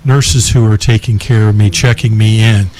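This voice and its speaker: A man's voice: lowish voice, steady tone, normal speed, a little mellow. Thoughtful man with faint hiss. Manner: thoughtful, hesitant with fillers. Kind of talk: reflective conversational talk.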